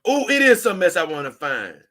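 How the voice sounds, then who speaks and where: Bright-voiced chatty man. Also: high-pitched, big pitch swings, fast talker. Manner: rambling, chuckling, talks to viewers as y'all. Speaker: host. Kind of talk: casual commentary reading posts aloud.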